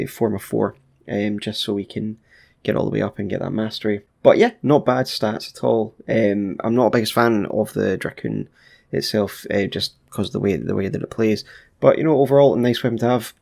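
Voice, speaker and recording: A man chats through his gaming session in a relaxed, unscripted way, tossing in playful asides. His voice sits low with a gravelly edge. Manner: chatty, laid-back, with frequent fillers and playful asides. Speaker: gaming YouTuber. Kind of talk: casual gameplay commentary.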